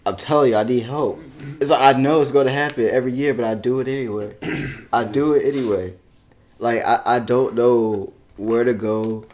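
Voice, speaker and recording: Laid-back low-voiced man. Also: a little mellow. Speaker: podcast co-host. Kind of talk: casual podcast chat.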